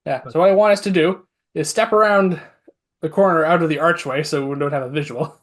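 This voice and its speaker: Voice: medium pitch, fairly quick. A player in a tabletop game who talks through plans in a chatty way and laughs at their own ideas. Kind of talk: casual tabletop game play.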